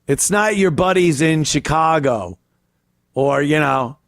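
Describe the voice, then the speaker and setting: A man's voice: on the high side, takes it slowly, a bit bright, dry recording. A male host ranting in a crude, profane, rambling way on a casual comedy podcast.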